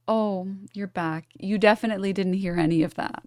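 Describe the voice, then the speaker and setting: A woman's voice: mid-range voice, steady tone, normal speed, hardly any pauses, a little mellow, dry recording. Blunt, mocking woman streamer, dry sound. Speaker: streamer reacting to clips. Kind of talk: casual reaction stream chat.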